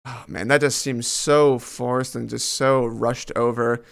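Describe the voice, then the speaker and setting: Male streamer, gravelly voice, sarcastic live reaction commentary. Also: mid-range voice, fairly even intonation, slow. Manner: sarcastic, critical, reads dialogue aloud. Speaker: streamer reacting to a comic chapter.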